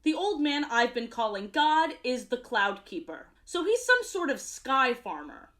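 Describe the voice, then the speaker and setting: A young woman giving comedic, sarcastic commentary on a cartoon, expressive and swearing freely. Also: fairly high pitch, unhurried, over loud music. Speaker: YouTuber.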